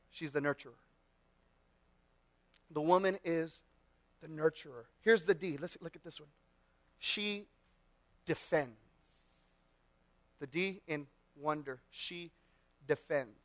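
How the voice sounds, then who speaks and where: A male pastor giving a sermon in a church, telling personal stories in an animated way and often restarting his sentences. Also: sits high, no room sound. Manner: animated storyteller with frequent restarts. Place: church sanctuary.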